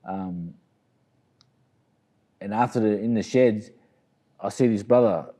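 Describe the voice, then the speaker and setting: A middle-aged Australian boxer, appearing as an interview guest, tells a long story in a loose, rambling style, frequently adding "you know what I mean." His voice is mellow and lowish, and he speaks slowly.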